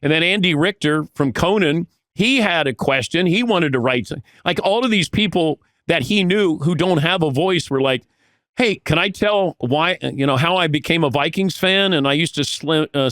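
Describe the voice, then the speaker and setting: A man's voice: fairly high pitch, fairly bright tone, no echo. Older man telling stories, dry mic. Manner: storytelling, acts out quoted voices, self-deprecating. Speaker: sports broadcaster guest. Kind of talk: casual podcast interview.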